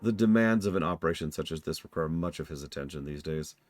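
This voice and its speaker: A man voicing a formal male aide with an exaggerated German accent, speaking in a deliberate, courtly way. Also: very deep voice, no room sound. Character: aloof male commander's aide, formal and smooth.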